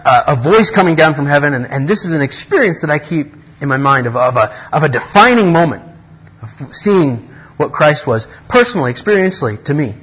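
A husky-voiced man leads a Bible study in a loose, conversational way. He restarts his sentences often and gets excited over the passages. The recording is muffled and lo-fi. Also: on the high side. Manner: earnest, rambling with restarts, grows excited. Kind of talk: casual Bible teaching.

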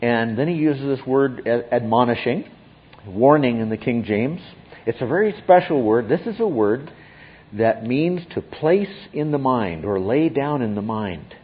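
Husky guy teaching the bible, keeps saying okay, emphatic, dull lo-fi sound. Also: medium pitch, expressive, a little slow. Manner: emphatic, often checks in with "okay?".

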